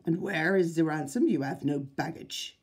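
A proud, hostile duke, voiced by a woman reading a storybook, sneering in slow, loud, scornful tones. The voice stays mellow and breathy underneath the contempt. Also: deep voice.

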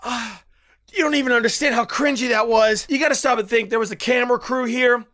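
A young man with a high, sharp and bright voice rambles through a casual reaction video. He talks crudely and keeps stumbling into restarts. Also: steady tone, brisk. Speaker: YouTube reaction host.

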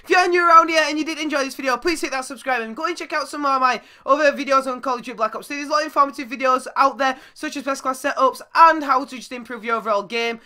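A young man giving live gameplay commentary, excitable and swearing, his voice going squeaky when he yells. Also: fast, few pauses. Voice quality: goes squeaky when yelling. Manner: excitable, shouts and swears at the game. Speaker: gaming YouTuber.

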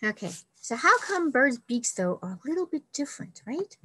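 A woman's voice: sits high, very animated, moderate pace, sharp tone, a little hiss or hum, rough recording. Upbeat woman librarian teaching kids. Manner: friendly, upbeat, talks to children. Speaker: children's librarian. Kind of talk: storytime reading and kids' science lesson.

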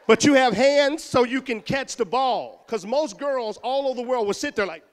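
A man from Houston entertaining a middle school assembly, teasing and calling out loudly to the kids. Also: extremely high pitch, normal speed, few pauses, slight background noise. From Houston, Texas. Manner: loud, teasing, calls out to the audience. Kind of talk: joking live show banter with a crowd. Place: middle school gym or auditorium.

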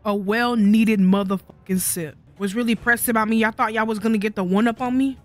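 A woman's voice: fairly high pitch, fairly even intonation, brisk, faint music behind. A woman streaming a video game with casual, sassy, profane commentary, talking back to the characters on screen. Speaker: gaming streamer. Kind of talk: casual let's-play commentary.

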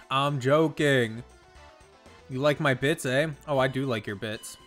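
A man's voice: medium pitch, a bit bright. A young man streaming a racing game from his bedroom, chatting casually, swearing often and laughing a lot. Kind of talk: casual gameplay commentary.

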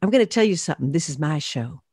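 A woman doing a soft-spoken, firm male star. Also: low voice, animated, quick pace, husky, no room sound, studio quality.

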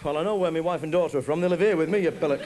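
High-voiced comedian on stage. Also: male voice, rapid-fire. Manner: rambling, acts out both sides of awkward chats. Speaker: stand-up comedian. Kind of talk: live stand-up storytelling. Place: theatre stage before a live audience. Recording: live concert recording, audience noise.

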